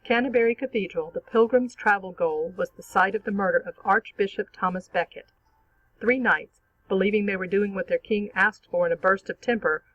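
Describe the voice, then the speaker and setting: Measured teacher narrating a literature lesson. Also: medium pitch, a bit bright, no room sound, highs cut off. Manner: clear, measured explanatory reading.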